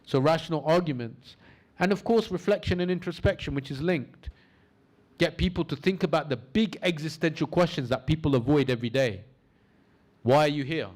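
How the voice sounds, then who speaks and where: Man teaching a class with interactive questions. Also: on the high side. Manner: lively teaching, asks the audience questions; slows down for emphasis in guided imagery. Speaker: course instructor.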